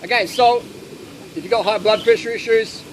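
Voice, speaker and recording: A man answering audience questions at a festival, telling stories in a casual, animated way and acting out quoted lines. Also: sits high, moderate pace. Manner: anecdotal, animated, acts out quotes. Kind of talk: casual Q&A talk. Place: outdoor festival. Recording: noisy outdoor recording.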